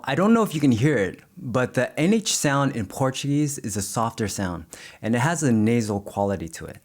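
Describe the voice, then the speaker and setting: A man with a lowish voice explains pronunciation step by step. He slows right down to model single words with care and speaks in a clear teaching tone. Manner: slow, careful demonstrations of single words. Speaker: language teacher.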